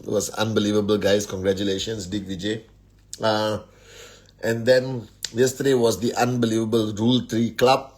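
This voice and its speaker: A man hosting a live stream from home, upbeat as he rattles off greetings to many viewers before a casual motivational talk, speaking into a phone. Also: lowish voice. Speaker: host of a network marketing live stream. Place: at home, indoors.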